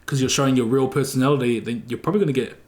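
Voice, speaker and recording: A young man with a New Zealand accent, relaxed and casual, chatting as a podcast guest. His voice sits at an ordinary middle pitch. He rambles easily, loose with fillers and slang. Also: very fast. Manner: laid-back, full of fillers and slang. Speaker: guest streamer.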